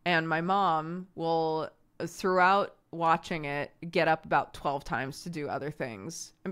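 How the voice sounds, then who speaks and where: A woman streamer telling family stories in casual chat, animated and laughing often. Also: sits low, slow pace, clean tone.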